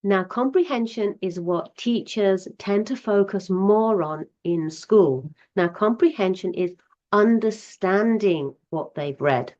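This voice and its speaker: A woman's voice: mid-range voice, slow, darkish tone, dull audio. A woman teacher explaining to parents step by step, patient and talking casually to the camera, with examples. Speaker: teacher giving parents advice.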